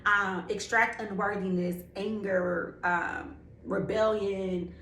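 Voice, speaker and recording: A woman's voice: mid-range voice, fairly even intonation, slow, fairly bright tone. An emphatic young woman tells her faith story in a candid, slangy way and leans hard on key words. Her mid-range voice is caught in an echoey room, with a faint hum of ambient noise underneath. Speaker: faith speaker. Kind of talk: personal testimony.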